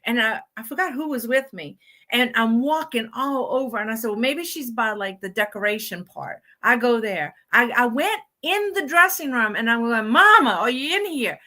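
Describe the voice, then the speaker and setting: A woman co-hosting a casual chat, telling lively stories and acting out the voices of the people in them. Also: fairly high pitch, moderate pace. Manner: animated storyteller, acts out quoted voices. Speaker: co-host.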